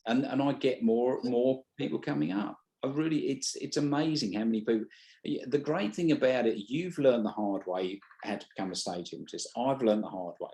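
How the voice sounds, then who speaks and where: A man's voice: mid-range voice, a little fast, vocal fry, mellow. A man with a British accent, a stage hypnotist talking bluntly in an interview and often restarting his sentences. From Britain. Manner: blunt, swears freely, restarts mid-sentence. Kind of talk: casual interview chat.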